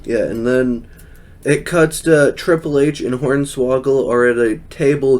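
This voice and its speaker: His voice is mid-range and darkish, his pace a little slow: a young podcaster giving a loose, chatty rundown of a show. He breaks into frequent laughter and mimics people in goofy voices as he quotes them.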